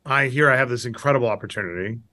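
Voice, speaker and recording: A man's voice: rapid-fire, dry recording, clean studio sound. A middle-aged man as an interview guest, telling candid, self-deprecating stories and acting out the things people said. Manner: animated, acts out quotes with big pitch jumps. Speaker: guest investor. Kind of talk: storytelling interview answers.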